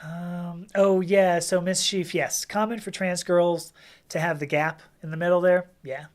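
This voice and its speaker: A woman's voice: on the low side, steady tone, unhurried. A woman hosting a casual livestream Q&A, chatting and reading viewer comments aloud with frequent laughs and restarts. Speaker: livestream host answering chat questions.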